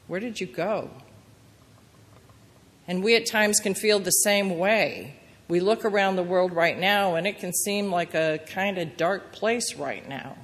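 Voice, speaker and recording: Lady pastor giving a sermon, earnest and gentle, lowish voice, echoey church. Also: unhurried. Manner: earnest, gentle storytelling with quoted prayers. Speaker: preacher. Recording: reverberant church hall.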